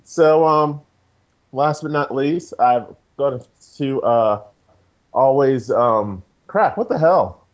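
A man hosting a casual podcast. He talks in a playful, rambling way, with big swoops in pitch. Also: slow pace, lo-fi sound. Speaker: podcast host.

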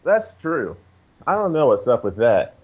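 Lively, playful podcast host. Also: male voice, mid-range voice, measured pace, lo-fi sound. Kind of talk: casual podcast chat.

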